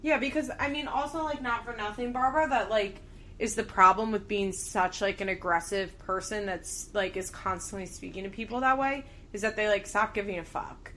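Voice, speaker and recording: A woman's voice: medium pitch, moderate pace, a bit bright, slight background noise. A young woman co-hosting a podcast, chatting casually about a TV show and using lots of filler words. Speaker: podcast co-host. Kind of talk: casual chat recapping a TV show.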